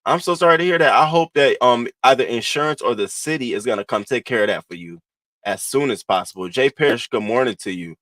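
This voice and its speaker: A man chats on a morning livestream, calling out viewers by name. His voice sits at a middling pitch but swoops upward with excitement. The sound is dry and close, with no room around it. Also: a little fast, no room sound. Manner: animated, playful, swoops up high when greeting people. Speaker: livestream host. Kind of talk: casual livestream chat greeting viewers.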